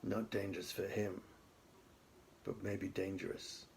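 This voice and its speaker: A man reading aloud voices a stubborn, calm young boy who talks in a quiet, low, firm way. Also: a little slow, creaky, a little hiss or hum. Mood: ominous.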